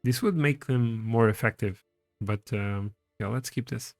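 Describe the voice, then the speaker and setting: A man's voice: mid-range voice, unhurried, no room sound, studio quality, faint music behind. A man casually commenting on his strategy game and reading its text aloud as he plays. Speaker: streamer playing a strategy game.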